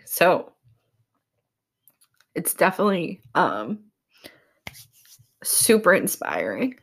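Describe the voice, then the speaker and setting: Low-voiced woman, choked up and tearful. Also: steady tone, a little slow, fairly bright tone. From Massachusetts. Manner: emotional, choked up, rambling with many fillers. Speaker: podcast host. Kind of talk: casual solo podcast talk.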